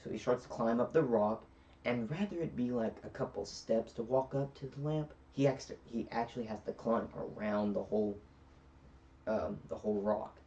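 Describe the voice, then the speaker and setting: A man rambles through a casual film recap, full of fillers. His tone is mellow and sits back from the mic. The recording is dull and lo-fi. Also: mid-range voice, normal speed, distant mic. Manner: rambling retelling with many fillers. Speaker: film reviewer.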